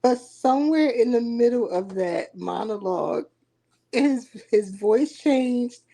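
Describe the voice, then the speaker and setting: A woman co-host speaks very slowly in a high, lively voice. She sounds apologetic and keeps slipping into giggles. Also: creaky. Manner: apologetic, giggly, slow-spoken. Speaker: podcast co-host. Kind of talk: casual chat.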